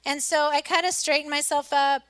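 A middle-aged woman pastor preaching a sermon, telling a personal story earnestly, swinging between loud emphasis and soft, hushed lines. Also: high-pitched, level tone, moderate pace.

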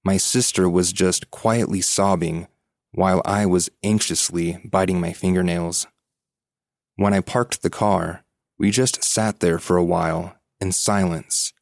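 A man hosting a podcast, reading a listener's ghost story aloud as scripted narration in a measured, suspenseful way. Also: sits low, gravelly, no echo, studio quality.

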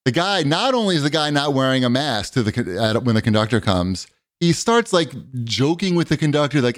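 A man hosting a podcast, telling an animated story with plenty of swearing and acted-out quotes. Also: mid-range voice, a little fast. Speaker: podcast host. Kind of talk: casual chat, storytelling.

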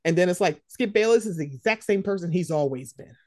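A woman co-hosts a casual sports chat podcast, blunt and profane, often imitating the people she discusses. Her lowish voice is warm with lively intonation and a quick pace, recorded in studio quality with no echo.

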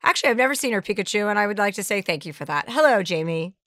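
A woman hosting a studio podcast, her voice bright and ringing. She talks in a loose, teasing way, blunt and crude. The sound is dry and close. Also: mid-range voice, expressive, racing, no room sound. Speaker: podcast host. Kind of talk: casual studio chat.

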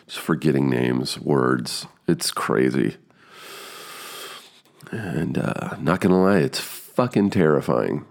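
A man's voice: rumbling low, slow, gravelly. A man in his fifties telling a casual story about an audition, swearing freely and acting out his own stumbles. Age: 50s.

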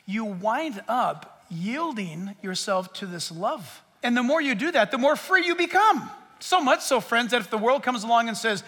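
A man preaching a sermon as a pastor, in an animated, joking way that speaks straight to the crowd. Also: very high voice, moderate pace, hardly any pauses. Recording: long hall reverb.

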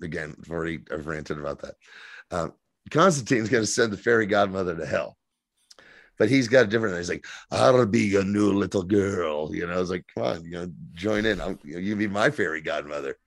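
A man in his thirties co-hosting a casual podcast, recapping a TV episode in an animated, profane way and slipping into quick mock voices. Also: low-pitched, dry recording. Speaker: podcast co-host.

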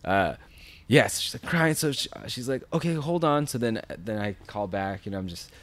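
Man in his thirties, low voice, podcast guest with a lively, filler-heavy storytelling manner. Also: normal speed, no echo. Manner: animated, full of filler and acted-out quotes. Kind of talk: casual storytelling.

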